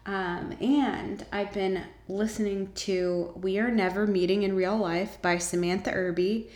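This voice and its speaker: A woman's voice: medium pitch, steady tone, measured pace, darkish tone, roomy sound. A woman vlogger chatting casually about shows and books she enjoys, with many ums and eager asides.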